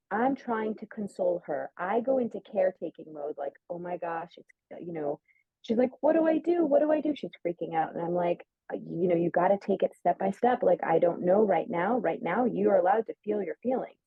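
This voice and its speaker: A woman's voice: on the low side, normal speed, breathy edge, no room sound. A woman telling a personal story in casual chat, full of "like" and acting out quoted lines. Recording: narrow phone-like sound, dry.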